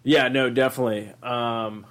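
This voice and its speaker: A young man co-hosting a podcast in casual chat, swearing freely and acting out quotes in silly high voices. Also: steady tone, normal speed, fairly bright tone. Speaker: podcast co-host.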